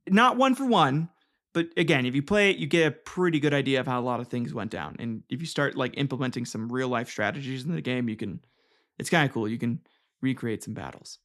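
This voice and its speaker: A man's voice: medium pitch, fairly quick, a bit bright. A man hosting a casual comedic history podcast, rambling and joking, swearing and tripping over names. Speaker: podcast host.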